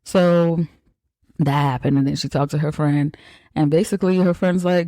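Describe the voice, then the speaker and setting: A man hosting a podcast, retelling a film in a casual, profane, animated way. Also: on the high side, moderate pace, dry recording. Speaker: podcast host. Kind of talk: casual movie recap.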